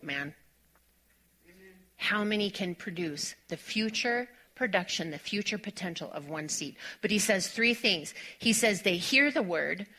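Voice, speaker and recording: A woman pastor preaching a sermon in a church, telling a personal story in an animated way. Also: medium pitch. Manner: animated storytelling, laughing often, fast-talking asides. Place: church sanctuary.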